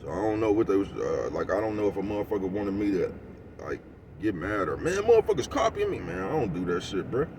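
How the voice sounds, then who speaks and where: A vlogger with a low voice rants casually to camera in heavy slang, talking fast with lively intonation, rambling, laughing often, and asking viewers if they know what he means. He gets loud and heated, recorded from a distance with slight background noise.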